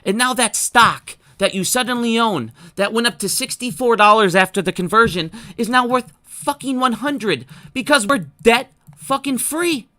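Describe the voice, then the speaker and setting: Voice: mid-range voice, bright, forceful tone. A stock market commentator in an unscripted solo rant to viewers, frustrated, heated and swearing a lot. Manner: heated, profane, fast-talking rant.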